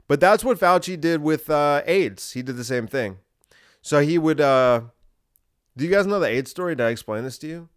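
A man's voice: on the high side, animated, normal speed, smooth. Man, podcast host, sarcastic, ranting, rhetorical questions, resonant voice. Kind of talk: opinionated monologue.

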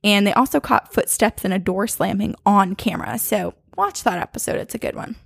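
A young woman co-hosting a podcast, recounting a ghost story in casual, animated chat. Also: mid-range voice, brisk, vocal fry, breathy edge, no echo, clean studio sound. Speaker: podcast co-host.

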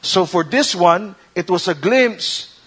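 A pastor with a fairly high voice delivers a sermon, switching between English and Tagalog. He swings from low, slow reflection to loud, soaring proclamations when quoting scripture. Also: expressive, slightly rough.

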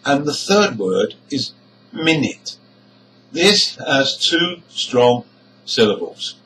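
A man teaching English pronunciation, explaining each point slowly and deliberately. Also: medium pitch, sing-song, fairly bright tone, recorded from a distance, slight background noise, low-quality recording. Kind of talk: slow explanatory lesson.

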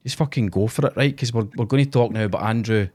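A man's voice: mid-range voice, quick pace, a little mellow. A Scottish man hosting a casual podcast chat, blunt and sweary. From Scotland. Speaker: podcast host.

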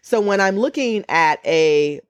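A woman's voice: mid-range voice, expressive, unhurried, no room sound. Middle-aged woman sharing personal reflections; earnest, emotional, close and dry. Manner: earnest, emotional, repeats phrases for emphasis. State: near tears. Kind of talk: reflective podcast conversation.

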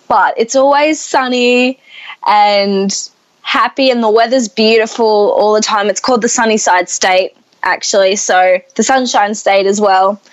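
A woman's voice: medium pitch, muffled recording. A young woman with an Australian accent, chatting casually as a podcast guest and peppering her speech with "like" and "um". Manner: chatty, fillers like "like" and "um". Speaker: guest musician.

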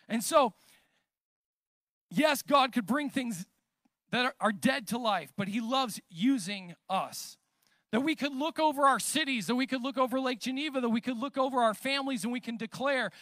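A man's voice: very high voice, normal speed, pushed and bright, no echo. A pastor in his thirties preaching a sermon, talking conversationally and then building into emphatic declarations.

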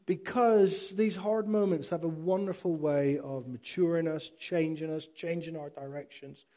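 A man's voice: fairly high pitch, a little slow. A man preaching a sermon, acting out Bible characters and asking his listeners questions. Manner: animated, acts out Bible characters; asks the congregation questions. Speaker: pastor.

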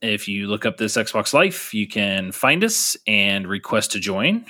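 A man's voice: on the low side, sing-song, a little slow, bright, forceful tone, no echo, studio quality. A man co-hosting a podcast, talking casually and loosely with lots of fillers. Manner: loose and chatty, many fillers. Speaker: podcast co-host.

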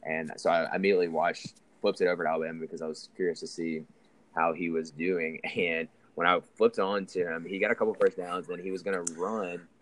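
A man's voice: deep voice, little pitch movement, quick pace, fairly bright tone. A young man hosting a casual sports chat, rambling with many restarts and fillers. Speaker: podcast host.

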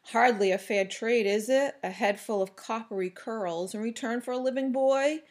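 A woman's voice: a little high, moderate pace, lightly acted. Villain voice: a sinister, sneering male trader, voiced by a female reader, hissing and drawn out. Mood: contemptuous. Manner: oozing, hissing, contemptuous.

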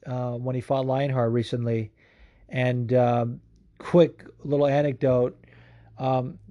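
A man hosting a podcast from home, telling stories excitedly and swearing freely in casual chat. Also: mid-range voice. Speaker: podcast host.

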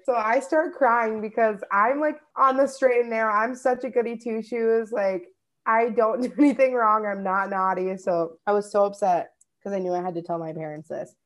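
Chatty young woman from Minnesota. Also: mid-range voice. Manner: chatty storyteller, swears freely. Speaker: podcast co-host. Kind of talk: casual chat.

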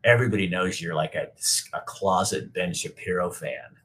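A man's voice: low-pitched, moderate pace, fairly bright tone. A middle-aged man hosting a casual livestream, reading viewer comments aloud and answering them in a blunt, rambling way with frequent swearing and restarts. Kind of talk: casual unscripted livestream talk.

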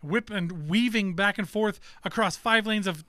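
Bright-voiced man telling a story. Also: high voice, normal speed. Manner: animated, swears freely, acts out quotes. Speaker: podcast co-host. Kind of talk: casual chat, storytelling.

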